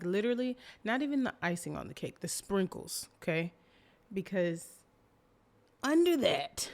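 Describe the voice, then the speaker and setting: A woman's voice: on the low side, a little mellow. A young woman hosting a casual solo podcast, talking expressively with dramatic emphasis and frequent laughter. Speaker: podcast host.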